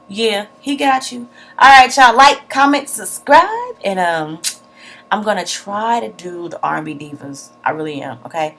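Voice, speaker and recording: Blunt, animated woman recapping a show. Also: a little high, moderate pace. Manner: animated retelling with acted-out quotes, profane, blunt. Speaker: TV show reviewer. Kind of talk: casual recap vlog.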